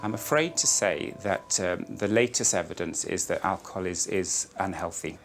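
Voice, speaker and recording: A man consultant speaking as an expert in an interview, measured and a little hesitant, repeating words as he thinks. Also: deep voice, a bit bright, soft background music. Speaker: consultant oncologist.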